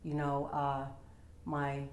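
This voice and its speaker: Low-pitched and utterly flat, this slow-speaking vlogger from Utah rambles through a heartfelt personal story at home, filling it with fillers. There's slight background noise and an echoey room sound.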